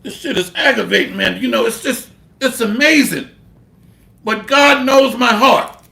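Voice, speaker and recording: A man preaches slowly in a very high, gravelly voice with a forceful edge, reading scripture and mixing it with blunt slang and cursing. The room around him is echoey. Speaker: bible teacher. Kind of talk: street-style sermon with scripture reading.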